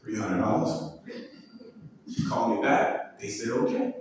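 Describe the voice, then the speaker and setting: Man telling stories to a live crowd, animated, acts out dialogue, preacher-like calls, long reverb, distant from the mic. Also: fairly low pitch, unhurried, background noise. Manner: faith-infused, preacher-like calls to the audience. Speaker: builder and speaker. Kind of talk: storytelling speech to a live audience. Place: large hall with an audience. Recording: echoey hall, voice picked up from afar.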